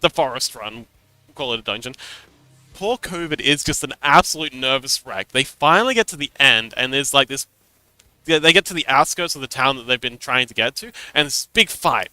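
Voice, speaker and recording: Bright, animated male game master. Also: medium pitch, normal speed, no room sound. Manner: animated storytelling, laughs often. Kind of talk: casual livestream chat.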